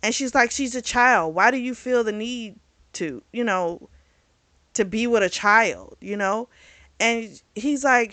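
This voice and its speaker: A woman's voice: mid-range voice, dry recording. Chatty woman retelling a novel's plot. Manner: chatty, animated retelling with acted quotes and laughs. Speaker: book reviewer. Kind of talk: casual book review chat.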